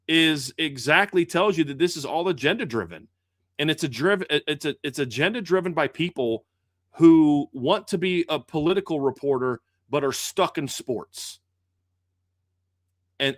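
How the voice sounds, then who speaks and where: A man's voice: fairly high pitch, a bit bright, no echo, studio quality. A man hosting a sports podcast, ranting in a heated, indignant way and often restarting his words. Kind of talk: casual podcast rant.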